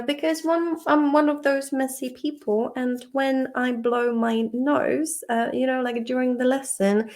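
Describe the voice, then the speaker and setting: A woman's voice: high-pitched, darkish tone. A woman teaching English in casual chat at her home desk, chatty and echoing words, congested with a cold. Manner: chatty, echoes words and laughs often. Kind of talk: casual chat while studying.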